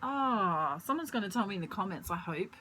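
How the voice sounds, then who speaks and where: A woman giving a casual tarot reading at home, chatty and rambling, pausing to search for words and laughing often. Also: mid-range voice, lively intonation, sharp tone, a little hiss or hum, low-quality recording. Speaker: tarot reader. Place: at home, pet bird nearby.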